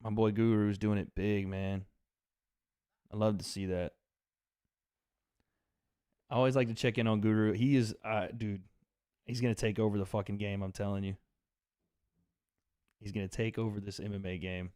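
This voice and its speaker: Man, livestream host, casual fight commentary, swears a lot, talks to chat, smooth clear voice, dry close sound. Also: lowish voice, flat delivery, moderate pace, pauses often, warm tone, dry recording. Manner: loose, profane banter, talks to chat.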